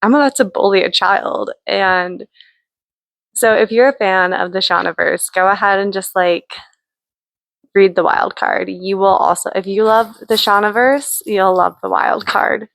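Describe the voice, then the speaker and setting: Gushing young woman vlogger with a gravelly edge. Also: medium pitch, steady tone, unhurried, a bit bright, no echo. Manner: chatty and gushing, frequent likes and ums. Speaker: book vlogger. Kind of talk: casual read-along vlog chat.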